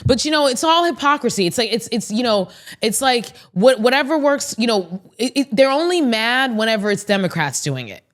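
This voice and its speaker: A woman's voice: a little high, expressive, brisk. A woman hosting a podcast of casual political commentary, blunt and outspoken, swearing freely and talking straight to her listeners. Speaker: podcast host.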